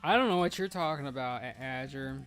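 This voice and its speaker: A man's voice: medium pitch, a little fast, a bit bright, clean tone, faint music behind. A man streaming an online game as raid leader, casually chatting and giving blunt, profane instructions to his teammates. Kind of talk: casual live gaming chat.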